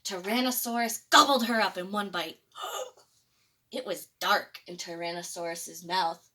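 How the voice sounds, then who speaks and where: A woman librarian reading a picture book aloud to children, expressive and chuckling. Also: mid-range voice, measured pace. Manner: expressive, chuckling between pages.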